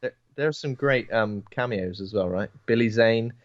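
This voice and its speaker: Low-voiced man, chatty podcast host. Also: normal speed, no room sound, lo-fi sound. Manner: rambling, jokey, restarts a lot. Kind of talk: casual chat.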